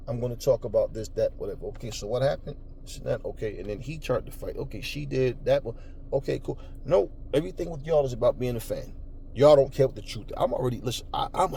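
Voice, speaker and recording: A middle-aged man ranting at his viewers in a mellow, slightly raised voice. He swears freely, argues in a confrontational way and mocks how other people talk. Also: fairly high pitch. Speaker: boxing talk show host. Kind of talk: ranting commentary.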